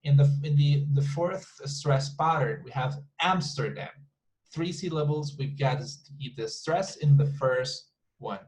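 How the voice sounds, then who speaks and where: A man's voice: on the high side, unhurried, darkish tone, low-quality recording. Man teaching an English class. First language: Spanish. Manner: repeats words to model pronunciation, many restarts. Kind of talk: online class explanation.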